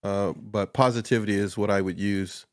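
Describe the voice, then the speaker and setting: A man's voice: lowish voice, fairly even intonation, moderate pace, no room sound. Easygoing joking man on a dry call. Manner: easygoing, jokey, laughs often. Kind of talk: casual chat.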